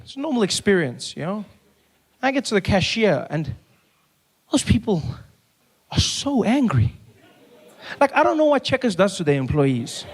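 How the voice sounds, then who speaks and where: A young man doing a stand-up routine, telling animated stories full of voices and asides. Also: high voice. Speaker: stand-up comedian.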